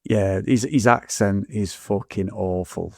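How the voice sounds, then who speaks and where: A man's voice: lowish voice, fairly even intonation, a little slow, gravelly, no echo, studio quality. A man, chatting bluntly about a film as podcast co-host, with tag questions and swearing. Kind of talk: casual film review chat.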